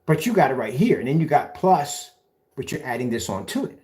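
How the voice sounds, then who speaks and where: A taunting man delivers a callout rant. His pitch swings up and down as he mocks, and he throws the other person's phrases back with scornful sarcasm. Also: very animated, brisk, darkish tone, a little hiss or hum. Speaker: video blogger. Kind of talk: ranting callout video.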